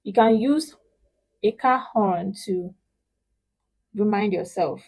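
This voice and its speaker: Speaking English in an online language lesson, a woman teaches spoken Chinese in a medium-pitched voice with a breathy edge. Her manner is patient and emphatic as she models syllables slowly and loudly, though the recording quality is low.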